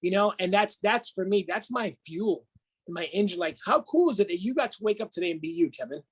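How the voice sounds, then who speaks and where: This is an excitable man with a husky, breathy voice, talking like a life coach guest on a casual podcast. He speaks in a pumped-up, motivational way. He swears freely and laughs often. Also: sits high, a little fast, rough recording.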